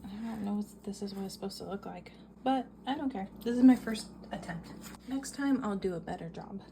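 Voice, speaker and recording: A woman's voice: mid-range voice, a little fast, creaky, dark tone. A woman chatting casually through a home baking vlog, upbeat and self-deprecating about her first attempt. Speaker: vlogger. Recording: noisy home recording.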